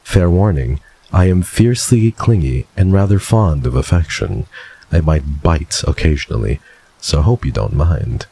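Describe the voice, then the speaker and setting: A man's voice: a bass voice, expressive, moderate pace, creaky, dark tone, slightly rough, voice pushed down, heavily acted. A man putting on the voice of a smug, flirtatious charmer who purrs pet names at the listener. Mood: seductive. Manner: suave, purring, calls the listener kitten. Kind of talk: dramatic reading in a put-on voice.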